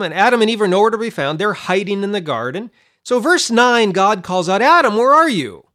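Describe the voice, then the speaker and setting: A man's voice: on the high side, fairly bright tone. A man hosting a Bible study podcast, teaching conversationally with fillers and restarts.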